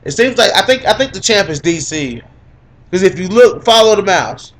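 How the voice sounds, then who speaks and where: A young man with a fairly high voice gloats through a casual fight recap on a podcast. He teases his co-host, repeats his points again and again, and laughs often. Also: expressive, normal speed, fairly bright tone. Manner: teasing, boastful, repeats lines for emphasis, laughs a lot. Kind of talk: gloating casual MMA commentary.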